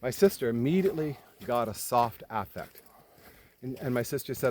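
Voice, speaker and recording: A man telling a story in casual conversation, animated, swearing freely and acting out the people in it. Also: medium pitch, a little hiss or hum. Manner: animated retelling, swears freely, quick jumps in loudness.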